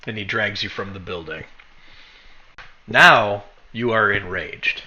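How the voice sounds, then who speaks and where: A man's voice: on the low side, slow, bright, forceful tone, a little hiss or hum. A man running a tabletop game as game master, narrating in a rambling way and correcting himself as he goes. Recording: dull lo-fi recording.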